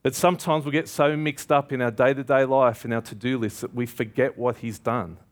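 A man's voice: mid-range voice, steady tone, fairly quick. A man preaching a sermon, emphatic and calling out questions to the congregation.

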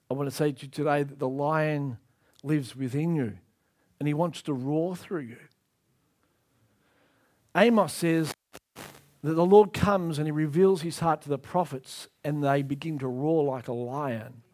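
A man's voice: fairly high pitch, unhurried, pauses often, darkish tone. A man preaching a sermon with emphatic, repetitive delivery.

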